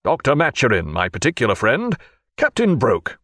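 A man voicing a composed, wry naval captain with crisp, dryly facetious speech, in an audiobook. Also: mid-range voice, wildly swooping pitch, moderate pace, a bit bright, no room sound, clean studio sound. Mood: courteous.

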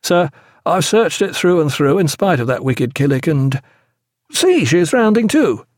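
A man's voice: on the high side, sing-song, measured pace, darkish tone, no echo, clean studio sound, pitched above the performer's own voice. A man voicing an earnest young male ship's officer who politely corrects a landsman.

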